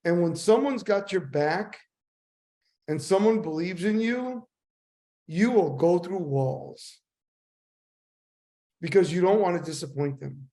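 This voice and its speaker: An older man, a guest in an interview, telling animated stories and acting out the dialogue. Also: sits high. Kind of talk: storytelling interview.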